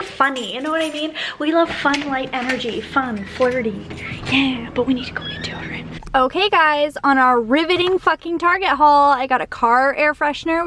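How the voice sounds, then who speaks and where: A young woman in her twenties chats casually for her vlog in a high, slightly bright voice. She swears freely and says "like" constantly.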